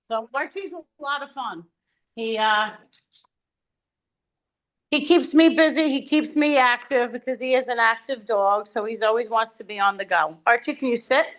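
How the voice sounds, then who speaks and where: A woman presents the dog she fosters over a video call, speaking casually and fondly about him. Her voice sits fairly high. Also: a little slow, long pauses, fairly bright tone, poor audio.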